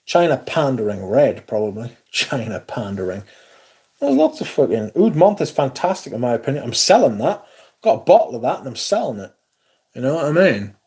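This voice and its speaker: A man's voice: mid-range voice, big pitch swings, a little fast, mellow, husky. A man hosting a livestream, chatting casually in a sweary, rambling way. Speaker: fragrance livestream host.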